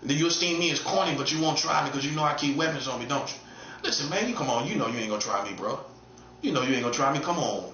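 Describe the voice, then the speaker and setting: A man in his late forties delivering a taunting monologue, full of repeated mocking questions, jumping between a high teasing tone and a low growl. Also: expressive, fast talker, pushed and bright, reverberant, dull audio. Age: 40s. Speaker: self-styled prophet streamer.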